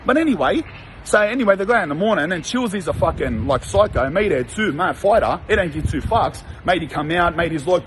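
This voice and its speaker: A man's voice: sits high, lively intonation, fast talker, fairly bright tone, a little hiss or hum, low-quality recording. A young Australian man, a former prisoner, telling stories in a blunt, profane, rambling way full of slang. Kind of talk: casual monologue.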